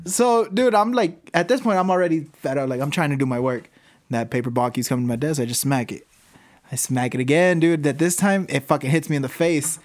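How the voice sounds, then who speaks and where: A Southern California man with a fairly high voice speaks a little fast, telling a story about school in casual chat. He's animated, laughs as he goes, and swears heavily.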